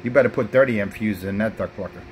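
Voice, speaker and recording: A man's voice: fairly low pitch, fast, background noise. Brash trash-talking New man. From South Bronx, New York. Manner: brash, taunting, profane. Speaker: CB radio operator. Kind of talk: trash-talking radio banter.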